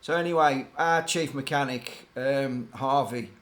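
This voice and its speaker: A man's voice: mid-range voice, a little slow, fairly bright tone. An older man, a former racing team mechanic, telling rambling, digressive stories in a casual, hesitant way. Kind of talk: casual anecdotal storytelling.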